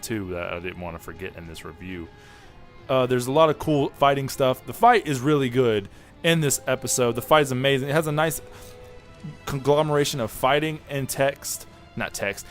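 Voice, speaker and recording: In a medium-pitched voice, a man offers a loose, excitable spoken take on an anime episode. He rambles, often restarting and fixing what he just said.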